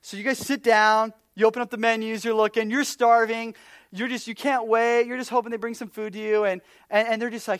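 A man preaching a casual sermon, telling stories and acting out little quotes, swinging from loud bursts down to near-whispers. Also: very high-pitched, a little fast, smooth, dry recording. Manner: animated storyteller, acts out quotes, drops to near-whispers. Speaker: pastor.

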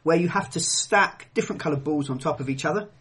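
A man's voice: a little high, fast, a bit bright. A man hosting a casual podcast chat, laughing often and poking fun at himself. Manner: laughs often, self-mocking. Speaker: podcast host.

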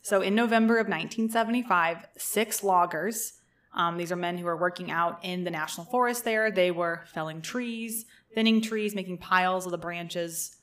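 A young adult woman with a lowish, fairly bright voice speaks at a normal speed. As a podcast co-host, she tells stories in a chatty, joking way and swears casually.

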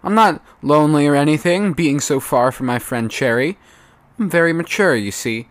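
A man voicing a sulky little girl who insists she is very mature, in a high pouty voice. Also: animated, moderate pace, no echo, close to an everyday voice. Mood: sulky pouting.

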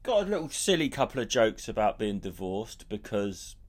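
Animated man telling a story. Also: fairly low pitch, moderate pace. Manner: animated storytelling, swearing freely. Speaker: comedian podcast co-host. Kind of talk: casual podcast banter.

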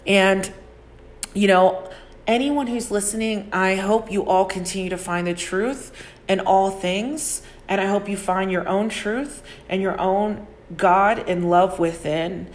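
A young adult woman hosting a podcast, talking in a casual, rambling way with many fillers and calling her listeners y'all, moving into soft, earnest spiritual affirmations. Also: mid-range voice, fairly even intonation, slow. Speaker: podcast host, psychic reader. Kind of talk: reflective spiritual monologue.

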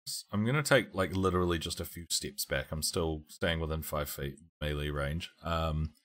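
A man with a very low voice, playing in a tabletop game session. He lays out his character's moves step by step and checks the rules as he speaks. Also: moderate pace, a bit bright. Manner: methodical, talks through his moves and rules. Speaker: player. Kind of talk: casual tabletop play.

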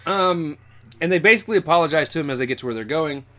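A man's voice: a little high, expressive, fast talker, pushed and bright. A young man casually recapping a cartoon episode, rambling and acting out the characters' lines as he retells the story. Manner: rambling storyteller, acts out quotes. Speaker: podcast co-host.

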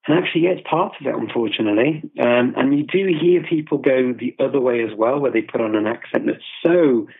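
Man, British, thoughtful interview guest, husky, tinny call audio. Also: medium pitch, a little fast. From Britain. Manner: thoughtful, explanatory, with many restarts. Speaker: guest, polyglot. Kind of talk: conversational interview. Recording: phone-like remote call audio.

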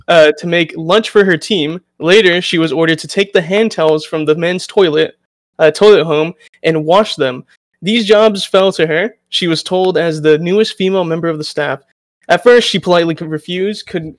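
A man's voice: a little high, no echo. A man co-hosting a podcast, reading an article aloud with stumbles and sarcastic asides. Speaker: podcast co-host. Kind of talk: reading an article aloud, then casual chat.

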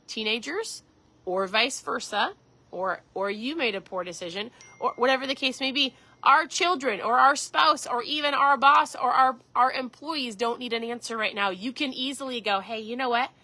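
Woman host, middle-aged, bright and direct, casual motivational talk. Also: on the high side, normal speed, no room sound, poor audio. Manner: earnest, conversational, addresses listeners directly. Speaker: podcast host.

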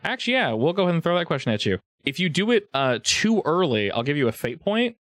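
A man running a tabletop role-playing game as game master, giving quick, playful rulings to his players. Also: a little high, sing-song, a bit bright, no echo.

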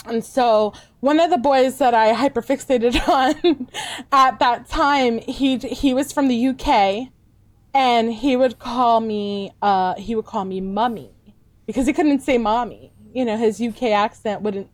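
A woman's voice: a little high, measured pace, no echo. A woman guest, a VTuber, chatting casually and rambling with fillers and restarts. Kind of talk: casual chat.

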